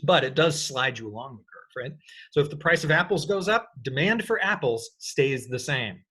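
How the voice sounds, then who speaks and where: A man teaching an economics lecture in an energetic, playful way, often checking in with his students. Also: medium pitch, normal speed, husky. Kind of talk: recorded lecture.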